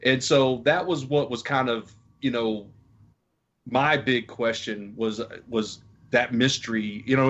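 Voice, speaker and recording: A man's voice: mid-range voice, highs cut off. A man co-hosting a podcast, rambling through a casual movie review with lots of fillers. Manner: rambling, filler-heavy, animated. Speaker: podcast co-host.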